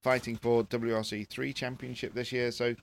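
A man talking as a rally pundit on a casual panel, lively and quick to start over, mid-pitched. His voice sits in an ordinary range for a man. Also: creaky, slight background noise. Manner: lively, stumbling restarts.

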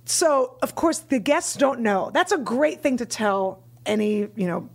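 High-voiced woman telling animated stories. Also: unhurried. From United States. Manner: animated, acts out voices in quotes. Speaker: comedian guest. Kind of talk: casual podcast storytelling.

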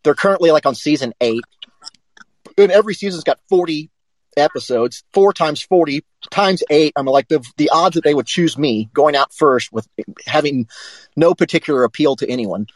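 Man, sports talk co-host with a slightly raised pitch, swears freely and rambles through stories; dry close mic. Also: moderate pace, no room sound, poor audio. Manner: profane, rambling, animated anecdotes. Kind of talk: casual storytelling on a live show.

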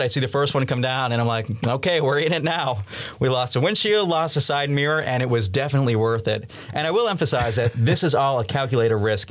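A man in his twenties from Massachusetts, a student guest on a podcast, telling lively stories and laughing now and then. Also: mid-range voice. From Massachusetts, USA. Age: 20s. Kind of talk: storytelling in an interview.

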